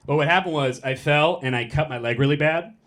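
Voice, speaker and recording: A young man doing stand-up on a comedy club stage, talking into a handheld mic and delivering quick, deadpan punchlines. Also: fairly high pitch, slight background noise. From San Francisco. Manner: deadpan, quick punchlines, mock voices for bits.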